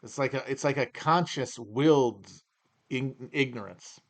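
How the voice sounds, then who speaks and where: A man's voice: medium pitch, a little slow. Guy from the upper midwest rambling thru a live q&a, wry and opinionated, lots of restarts. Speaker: podcast host. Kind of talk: livestream Q&A chat.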